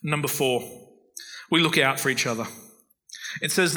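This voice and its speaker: A man preaching a sermon in an easy, conversational way and weaving in earnest personal stories. His voice is very bright and sharp-edged. It also sits a little higher than most men's. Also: normal speed, long pauses, rough recording. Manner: earnest, storytelling, warm-hearted anecdotes. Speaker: pastor.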